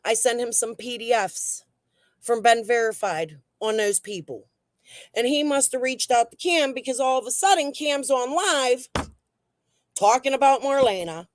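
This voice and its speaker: A woman's voice: fairly high pitch, a little slow, no room sound. A woman hosting a casual true crime livestream and reading the chat, talking in a blunt, heated way that is full of swearing.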